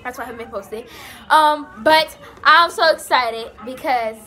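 A young woman, chatting excitedly and breathlessly in a casual vlog. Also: high voice, moderate pace. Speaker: vlogger.

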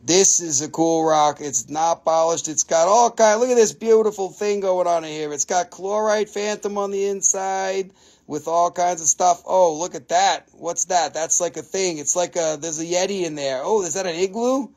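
A man's voice: sits high, normal speed, a little mellow. A man hosting a live crystal sale, joking, swearing and haggling over prices in casual talk. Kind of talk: casual live sales stream.

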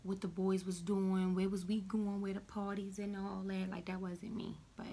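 A woman chatting casually to camera as a beauty vlogger, playful and full of quick asides. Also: medium pitch, little pitch movement, mellow.

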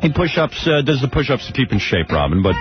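A man's voice: mid-range voice, sing-song, music in the background. A man hosting a radio call-in show, brash and teasing. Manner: brash, teasing, fast-talking. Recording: dull old radio broadcast with noise.

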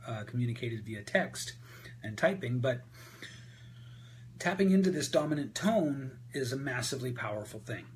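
A man coaching an audience on a group call, answering their questions about voice and speaking in a candid, energetic way with frequent fillers. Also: medium pitch, a little hiss or hum. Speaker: voice and presentation coach. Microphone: video call.

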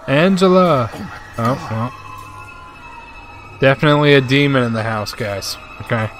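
Young guy gamer streamer, super chill, calls everyone bro, mid pitch. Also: normal speed, a bit bright. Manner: laid-back, chatty, says "bro" a lot. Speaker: gaming streamer. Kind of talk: live gameplay commentary reading chat.

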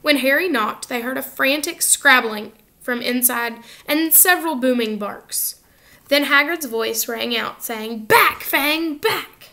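A woman narrating a children's novel aloud in an expressive, lively reading style. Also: on the high side, unhurried. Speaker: audiobook reader. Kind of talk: storybook narration.

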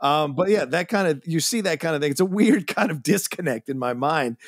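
A man's voice: a little high, lively intonation, a little fast, dry recording, studio quality. A man co-hosting a film podcast, talking enthusiastically in a rambling, casual way. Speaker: podcast co-host.

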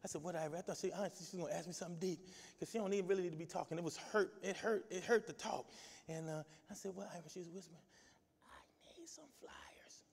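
A male pastor preaching an exuberant sermon, shouting and calling out to his congregation for responses. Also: high-pitched, fairly even intonation, rapid-fire, creaky, husky, long reverb tail. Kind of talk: lively sermon with call and response.

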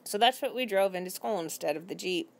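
A woman reading a storybook aloud for a library, narrating in first person in an expressive, unhurried way. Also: medium pitch, creaky. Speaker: library reader.

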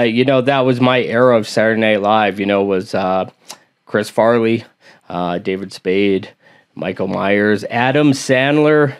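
A man's voice: medium pitch, clean tone. A man hosting a reaction video, chatting casually and reading out viewer comments with lots of hesitations. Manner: rambling, hesitant, with many fillers and asides.

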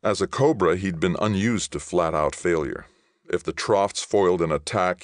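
Male audiobook narrator: very low, gravelly, animated storyteller, dry booth sound. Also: no room sound. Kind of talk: scripted narration.

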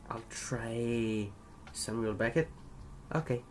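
A man's voice: medium pitch, unhurried, long pauses, a little mellow, faint music behind. A young man from Ireland doing casual quiz commentary, chatty, swearing casually and laughing at his own jokes. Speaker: video creator.

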